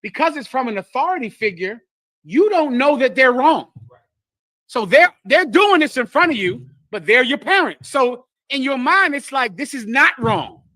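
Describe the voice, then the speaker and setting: A man's voice: extremely high pitch, sing-song, normal speed, sharp tone, no room sound. A man teaching scripture to a group, lecturing emphatically and acting out the voices he quotes. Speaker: religious teacher.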